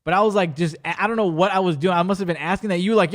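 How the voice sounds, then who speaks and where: A man's voice: high voice, rapid-fire. A man hosting a podcast, chatting casually and telling stories in slang, often breaking off and restarting mid-sentence. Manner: animated storyteller with slang and frequent self-interruptions. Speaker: podcast host.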